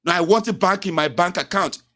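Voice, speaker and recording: A man voicing a furious male customer who shouts that he wants his service cancelled. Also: high voice, a little fast, voice pushed up. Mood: indignant. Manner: shouting, ranting accusations.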